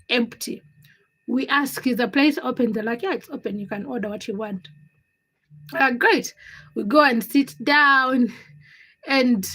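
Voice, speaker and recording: A young woman hosting a livestream, chatting to viewers and telling a story. She swings between hushed asides and excited squeals. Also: on the high side. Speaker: livestream host. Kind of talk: casual chat with live viewers.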